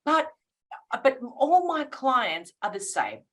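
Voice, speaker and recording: A woman's voice: high voice, sing-song, slow pace, fairly bright tone. A woman guest on a podcast interview, a branding coach who speaks with emphatic enthusiasm and often acts out little bits of dialogue.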